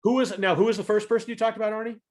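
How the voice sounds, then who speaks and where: A man giving a talk on humor and leadership over a video call, animated and fond of loud acted-out demonstrations. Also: sits high, racing.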